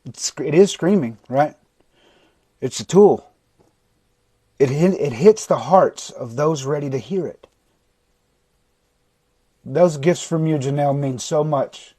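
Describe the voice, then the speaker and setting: A man streaming live as a recovery coach, talking bluntly to his viewers and swearing often, with sudden shouting and long stretches of quieter, softer talk. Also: on the high side, slow, long pauses, no echo. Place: indoors, livestream. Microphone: phone or webcam mic.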